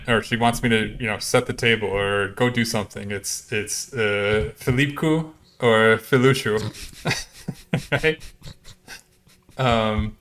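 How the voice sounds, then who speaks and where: A man's voice: medium pitch, sharp tone. A man co-hosting a casual podcast, chatty and laughing often as he talks. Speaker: podcast co-host.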